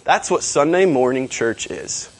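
Man preaching a lively, joking sermon. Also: unhurried. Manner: conversational, joking asides, voices the disciples in pitched-up excited bursts.

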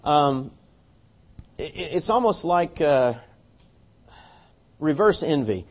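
A man's voice: on the high side, animated, slow. A man preaching a sermon, telling a story earnestly and animatedly, often restarting his words. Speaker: pastor. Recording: dull lo-fi sermon recording.

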